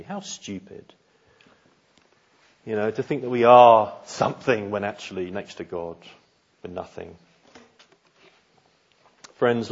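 A man preaching a sermon, animated and acting out quoted voices, at times dropping to hushed tones. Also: medium pitch, slightly rough, highs cut off.

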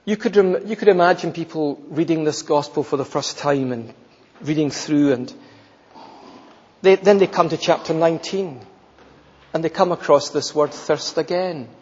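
A man preaching a sermon, emphatic and repeating phrases, often dropping to a soft, intense tone. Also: a little high, normal speed, breathy edge, long reverb tail, muffled recording.

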